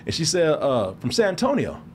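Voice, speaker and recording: A man's voice: fairly high pitch, brisk, slight background noise. A man from Texas, a show host, telling a story in casual chat and acting out the people in it. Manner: animated, acts out the people in his story.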